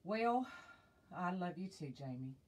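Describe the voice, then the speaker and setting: A woman runs a casual live wreath-making demonstration, recorded on a tablet mic, chatting with viewers and thinking aloud with fillers. Her voice is fairly low and darkish, with lively intonation and a slightly slow pace.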